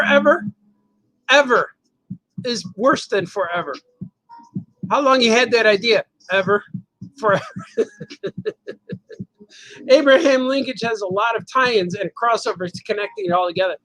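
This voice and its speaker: Sharp-toned and high, this man's voice has lively intonation, a normal speed and frequent pauses. He's a host and cartoonist on a casual chat livestream, reading viewer comments and telling rambling stories with plenty of giggles mid-sentence and playful word repetition. The recording is rough.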